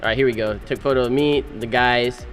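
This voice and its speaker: A man's voice: mid-range voice, faint music behind. Slangy young man telling a story. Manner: animated, slangy storytelling with quick voice-acted quotes. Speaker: groom. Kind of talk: casual narration over wedding photos.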